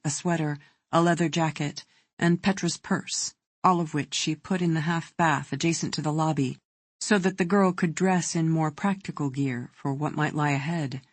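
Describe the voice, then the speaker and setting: An audiobook narrator reading a thriller in a measured, even way. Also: medium pitch, no room sound.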